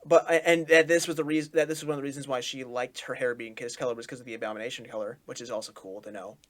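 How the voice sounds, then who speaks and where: Man, middle pitch, casual reaction host, gushes and repeats himself, plenty of restarts. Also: steady tone, fast. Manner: effusive, repeats his praise over and over; talks through restarts and stumbles.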